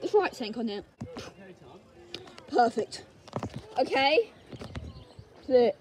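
A woman's voice: sits high, sing-song, very slow, darkish tone, slight background noise. A young woman chatting playfully at a zoo, greeting the animals in a sing-song voice. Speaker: vlogger. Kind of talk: casual chat. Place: outdoor zoo. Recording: outdoor crowd chatter behind.

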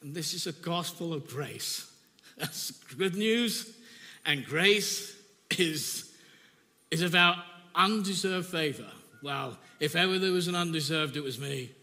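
A man preaching a sermon in a church, telling an emotional personal testimony with halting repetitions. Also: on the high side, pushed and bright. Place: church hall. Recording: reverberant church hall.

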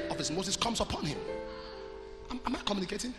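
Shouting Nigerian preacher in a reverberant hall. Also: male voice, sits high, very animated, fast. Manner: swings from shouting to soft storytelling, asks the crowd questions. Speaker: pastor. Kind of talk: sermon. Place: church hall. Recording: large hall with reverb and music behind.

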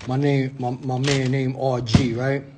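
A beatmaker in his forties with a New York accent tells stories for a casual vlog, using laid-back street slang and saying "you know what I'm saying" a lot. His mid-range voice is monotone and unhurried, with a noisy background behind him.

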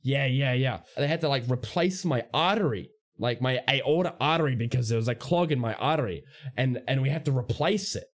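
A man's voice: mid-range voice, animated, a little fast, voice pushed down, close to an everyday voice. A man doing a big rambling old customer. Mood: insistent. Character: big chatty older male customer, retired engineer.

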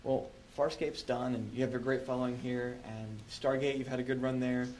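A man's voice: mid-range voice, flat delivery, moderate pace, a little mellow, slight background noise, rough recording. A man interviewing an actress, eager and joking as he asks questions. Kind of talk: casual interview chat.

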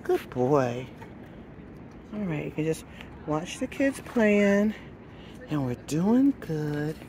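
A woman's voice: low-pitched, big pitch swings, slow, a crowd in the background. A woman vlogging outdoors by a pool, talking to her dog in soothing praise and firm short commands. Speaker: dog trainer vlogging a training session. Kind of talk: casual vlog narration and talk to a dog.

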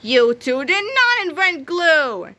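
A woman's voice: on the high side, moderate pace. A woman voicing a grumpy, gloating middle-aged male school principal in a read-aloud storybook. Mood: angry. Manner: shouting, gloating.

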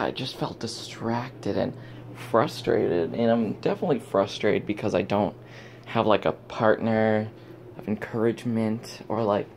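Holding his phone at home, a young man records a loose, rambling vlog, muttering to himself as he skips from subject to subject. He has a lowish, darkish voice, and there's a faint hiss or hum.

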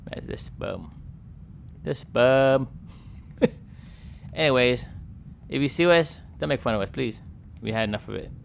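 A man's voice: mid-range voice, animated, a little slow, vocal fry, pauses often, a little hiss or hum. A man voicing a sulky young male sperm whale who mutters and complains about being teased. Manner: mopey, muttering, self-pitying. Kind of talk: playful game commentary role-play.

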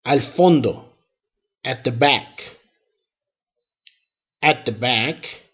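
A man narrating a scripted language lesson, sounding out words slowly and deliberately in pronunciation drills. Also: mid-range voice, fairly bright tone, slightly rough, muffled recording. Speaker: language teacher.

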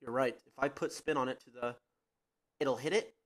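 A man's voice: medium pitch, fairly even intonation, moderate pace. A man playing a game online, cocky and taunting his opponent. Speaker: opponent player. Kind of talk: casual gaming banter.

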